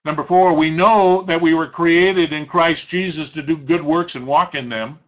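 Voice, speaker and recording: A middle-aged man delivering a sermon in a bright, forceful voice that sits a little high for a man. He stretches out scripture quotations for emphasis and clears his throat now and then. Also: fairly even intonation, moderate pace, lo-fi sound. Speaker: pastor.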